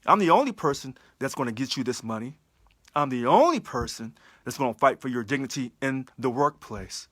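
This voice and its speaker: A man's voice: a little high, fairly bright tone, no room sound, clean studio sound. A man giving an impassioned livestream address as a union election candidate, emphatic, full of repeated rhetorical questions. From California.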